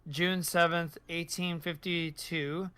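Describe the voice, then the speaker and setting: A man voicing the ghost of an old male mongoose, reading slowly and haltingly. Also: fairly high pitch, flat delivery, pushed and bright, smooth, no room sound. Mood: ominous. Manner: slow, halting read-out with pauses.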